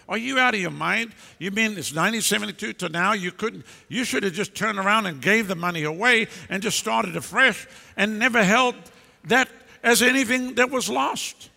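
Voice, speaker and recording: A man's voice: sits high, normal speed, creaky, pushed and bright. A male pastor preaching a sermon in a large church, blunt and emphatic, breaking into scolding bursts. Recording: long hall reverb.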